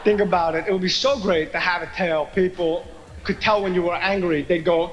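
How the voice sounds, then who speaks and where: A man's voice: sits high, steady tone, fairly quick, dull audio, background noise. Wry man musing on an old TV recording.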